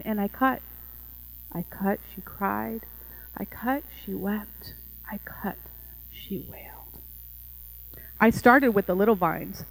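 A woman narrating a first-person allegorical story in a gentle, tender, measured way. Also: a little high, poor audio.

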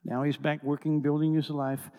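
A man preaching a storytelling sermon, animated, swinging from hushed tones to shouting. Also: fairly high pitch, moderate pace, long reverb tail. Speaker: preacher and worship leader.

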